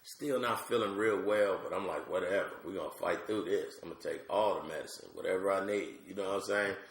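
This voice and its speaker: A man from Georgia telling a comic story in casual chat, animated and acting out other people's voices. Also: fairly quick, reverberant. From Georgia, USA. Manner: animated, acts out voices with big pitch jumps. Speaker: comedian guest.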